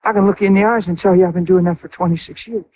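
High-voiced, husky middle-aged male preacher. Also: fairly even intonation, rapid-fire, a little mellow, low-quality recording. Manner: emotional, storytelling preacher who speaks straight to the congregation. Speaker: pastor. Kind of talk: sermon.

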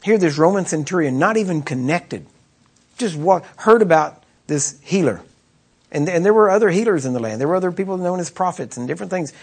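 Husky-voiced man preaching a sermon. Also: sits high, animated, a little fast. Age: adult with children. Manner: conversational preaching, rhetorical questions.

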